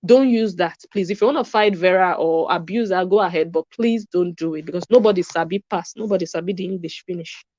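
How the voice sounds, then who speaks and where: A woman speaks at a middle pitch as a vlog commentator, tossing out sarcastic questions. The recording is dry and a little dull, with no room sound. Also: fairly quick, few pauses, darkish tone, no echo.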